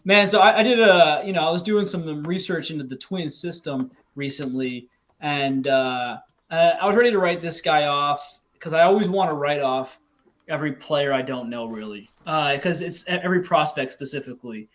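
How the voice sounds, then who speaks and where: A man's voice: fairly high pitch, moderate pace, a bit bright. A man co-hosting a sports podcast in casual chat, rambling and hesitant, with many fillers. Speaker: podcast co-host.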